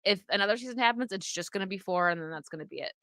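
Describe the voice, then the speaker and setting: Young woman streamer rambling to chat, bright voice, dry close sound. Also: mid-range voice, very fast, dry recording. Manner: chatty, reacts to viewer comments, frequent laughs and fillers. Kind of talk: casual live-stream chat.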